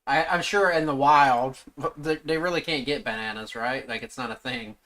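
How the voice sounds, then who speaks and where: A man's voice: mid-range voice, steady tone, normal speed, a bit bright. A man streaming live, reacting to video clips with profane, blurted comments.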